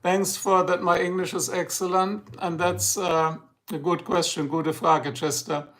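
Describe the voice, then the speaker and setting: Middle-aged man, German accent, rambling livestream chat, slightly high voice, joking asides. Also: level tone, measured pace, fairly bright tone. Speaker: livestream host. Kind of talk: casual livestream chat to viewers.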